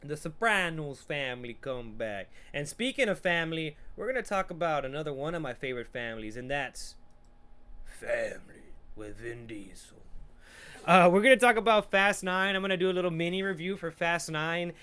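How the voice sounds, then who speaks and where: A man's voice: a little high, lively intonation, fairly quick, few pauses, bright, forceful tone, clean tone. A man hosting a podcast, casually reacting to a trailer and reviewing a movie in a profane, rambling, jokey way. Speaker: podcast host.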